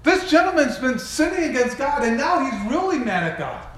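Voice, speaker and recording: A man preaching a sermon, retelling a story in an animated way and putting questions to his listeners. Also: very high voice, moderate pace. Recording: very echoey room.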